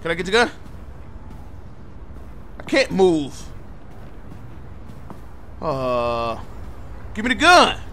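Brash, profane gamer with a bright voice. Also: male voice, a little high, huge pitch swings, very slow, pauses often, a little hiss or hum. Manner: loud, profane, joking, talks back to characters. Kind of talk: comedic gameplay commentary.

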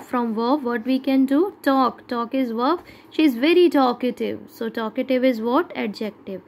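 A woman's voice: a little high, gravelly, a little hiss or hum, low-quality recording. A woman teacher with an Indian English accent giving a grammar lesson to schoolchildren, explaining step by step and asking checking questions.

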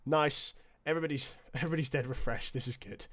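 A man, casually and excitably commentating his own football video game. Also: mid-range voice, quick pace. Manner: excitable, chatty, self-correcting. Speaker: gaming commentator.

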